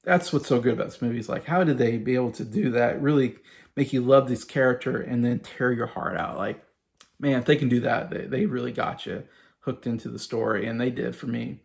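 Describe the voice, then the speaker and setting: A man in his thirties talks casually to his viewers, full of enthusiasm and loose fillers. His mid-pitched voice has a gravelly, fry-heavy texture. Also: fairly quick. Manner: enthusiastic, rambling with many fillers. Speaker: YouTube host ranking movies. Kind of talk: casual chat.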